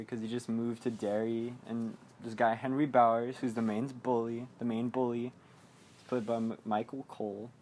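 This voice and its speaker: Young man, podcast host, casual movie recap, rambling, giggly, average pitch. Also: a little mellow, slight background noise. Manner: rambling, giggly, acts out characters' lines.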